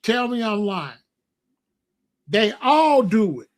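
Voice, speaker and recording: A middle-aged man tells stories in a casual, folksy way. He hosts an online show and often breaks into loud exclamations. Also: high-pitched, sing-song, takes it slowly. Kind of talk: casual storytelling monologue.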